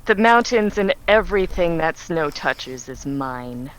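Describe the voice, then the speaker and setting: A woman's voice: sits low, animated, measured pace, slight background noise, poor audio. Woman playing a scornful snow queen. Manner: cold, disdainful. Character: haughty ice queen, cold and scornful.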